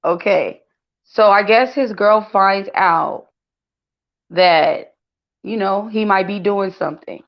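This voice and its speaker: A woman's voice: mid-range voice, takes it slowly, pauses often. A woman hosting a casual celebrity gossip commentary, chatty and full of fillers, talking to her viewers as y'all. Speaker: gossip channel host. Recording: dull lo-fi sound.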